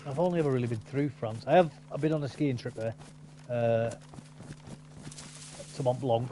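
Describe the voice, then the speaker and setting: A man hosting a gameplay video, chatting casually and bantering with quick questions. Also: mid-range voice, mellow, slight background noise. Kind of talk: casual chat over gameplay.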